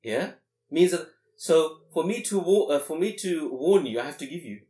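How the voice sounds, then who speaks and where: A man teaching a class on Quranic grammar, explaining with many rhetorical questions and quick Arabic recitation. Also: on the high side, animated, mellow. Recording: echoey room.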